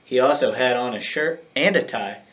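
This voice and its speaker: A man's voice: mid-range voice, moderate pace, fairly bright tone, recorded from a distance. A male teacher reading a children's chapter book aloud and then recapping homework, speaking directly and encouragingly to his students.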